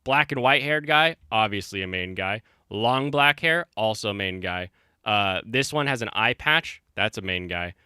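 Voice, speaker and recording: Man, stream host, casual chat, rambling, low voice, crisp tone. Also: expressive, a little slow, sharp tone, dry recording, studio quality. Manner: rambling storyteller, many fillers and restarts.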